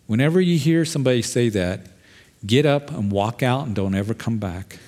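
A middle-aged man preaching from the pulpit, his pitch sitting right in the ordinary middle range. He talks like he is chatting with the congregation and slips into quoted voices to make his points. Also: lively intonation, a little fast, darkish tone. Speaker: pastor. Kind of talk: sermon.

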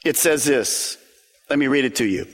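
A man's voice: medium pitch, normal speed, a bit bright, big-room sound. A male pastor preaching a sermon, emphatic and full of rhetorical questions and lists.

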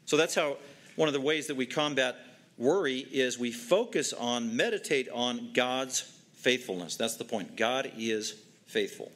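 A man's voice: medium pitch, moderate pace, a bit bright. A man preaching a sermon, emphatic and repetitive, driving home short commands. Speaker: pastor.

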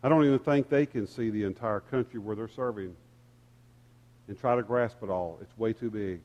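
A man's voice: lowish voice, normal speed, a little mellow, muffled recording. A man preaching a sermon to a congregation, speaking candidly and self-deprecatingly, piling up rhetorical questions. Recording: long hall reverb.

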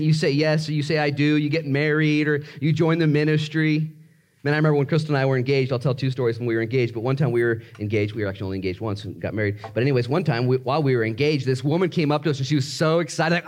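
A male pastor delivering a sermon to his congregation. His voice sits a bit higher than most men's, and he swings from hushed, slow prayer to lively, animated exclamations. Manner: animated preaching, shifts between quiet prayer and high excited exclamations.

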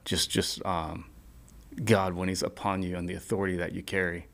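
A man who is a podcast guest, speaking earnestly about his faith in a halting way, with lots of fillers and restarts. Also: deep voice, flat delivery, creaky. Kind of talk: casual faith conversation.

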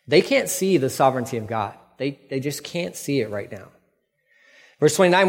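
A man's voice: fairly high pitch, brisk, big-room sound. A man preaching a casual sermon, reading scripture and acting out the characters with playful mock voices.

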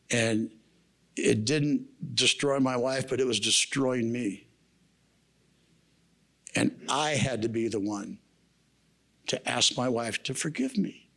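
A man's voice: medium pitch, fairly bright tone. A man giving a sermon at a men's camp, telling a personal story in a casual, slangy way. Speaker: camp speaker. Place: camp meeting room.

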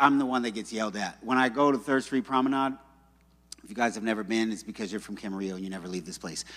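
A man's voice: lowish voice, a bit bright. A man preaching a sermon in a church, in a conversational, joking storyteller manner. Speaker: pastor. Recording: long reverb in a hall.

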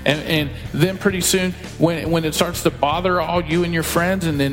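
A man's voice: fairly high pitch, steady tone, normal speed, over music. A man preaching a sermon as pastor, emphatic and conversational, acting out quoted voices as he teaches. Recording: long hall reverb.

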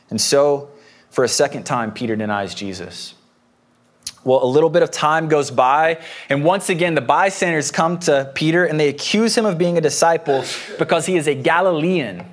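Higher-voiced man preaching conversationally. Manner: conversational, explains with homely personal anecdotes. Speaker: pastor. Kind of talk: sermon.

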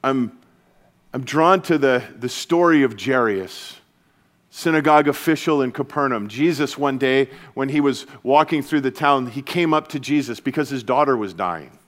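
A man preaching as a pastor to his church, earnest and energetic, dropping to a soft, hushed voice for comforting passages. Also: mid-range voice, normal speed. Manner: earnest, shifts to soft hushed tones when quoting Jesus. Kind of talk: sermon. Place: church service.

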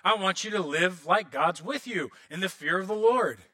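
A man in his thirties preaching a sermon as pastor, animated, often acting out prayers and quotes in other voices. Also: sits high, moderate pace.

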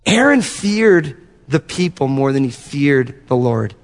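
A man pastor preaching a sermon, telling animated stories and acting out little asides to his congregation. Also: medium pitch, slow pace, long reverb tail. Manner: animated storytelling with acted-out asides.

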